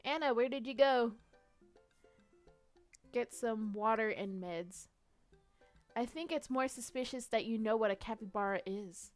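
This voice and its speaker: A young woman streaming a detective role-play game, narrating her moves playfully and laughing easily over faint music. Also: fairly high pitch. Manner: playful, quick to laugh, reads out story text.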